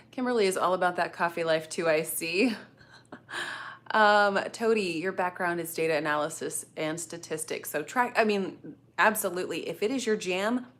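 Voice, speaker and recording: A woman's voice: lowish voice, a bit bright. Chatty woman host reading live chat. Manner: chatty, rambling, with frequent fillers and self-corrections. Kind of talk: casual livestream chat.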